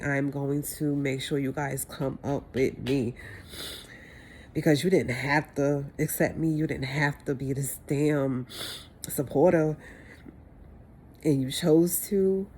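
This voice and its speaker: A woman's voice: extremely low pitch, darkish tone, a little hiss or hum. A woman talking in a heartfelt personal vlog, emotional and repetitive as she thanks her family. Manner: emotional, repetitive, tearing up at times. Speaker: vlogger.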